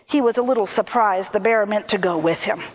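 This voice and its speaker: A woman telling a folk tale aloud at a church service, lively and expressive. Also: mid-range voice, slight background noise. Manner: lively, expressive, slow storytelling.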